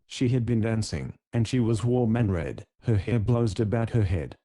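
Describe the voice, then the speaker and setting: Guy narrating an old adventure book, mellow dark voice, steady pace. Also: on the low side, normal speed. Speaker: audiobook narrator. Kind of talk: scripted narration.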